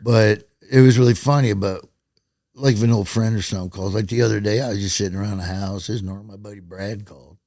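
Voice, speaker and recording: A man's voice: fairly low pitch, fairly even intonation, fast, mellow, no room sound, clean studio sound. A man in his sixties from Nebraska with a Southern accent, telling folksy, rambling stories as an interview guest. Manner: folksy, rambling storyteller, laughs often. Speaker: guest, voice actor. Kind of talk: casual interview chat.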